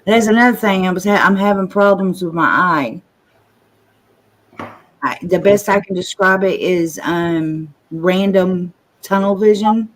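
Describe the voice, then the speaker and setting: A woman's voice: lowish voice, unhurried. Chatty woman hosting a painting livestream. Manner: chatty, open, with a slight stutter at times. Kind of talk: casual chat on a livestream.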